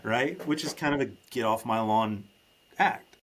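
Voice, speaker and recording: A man's voice: mid-range voice, unhurried, fairly bright tone, a little hiss or hum. Rambling male podcast host. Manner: rambling, restarts often, emphatic. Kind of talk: casual podcast chat.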